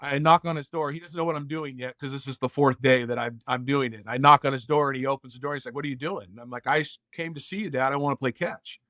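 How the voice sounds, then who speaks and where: A man's voice: medium pitch, steady tone, fast, few pauses, bright, forceful tone, dry recording, studio quality. Earnest man telling a heartfelt story. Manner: earnest, heartfelt, acts out quoted dialogue. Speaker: podcast guest. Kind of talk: casual interview storytelling.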